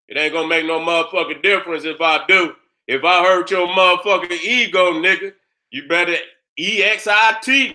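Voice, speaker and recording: Fired-up bright-voiced man ranting. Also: high-pitched. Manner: boastful, combative, repeats his phrases, asks "you understand". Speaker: host of his own channel. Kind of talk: fired-up profane monologue.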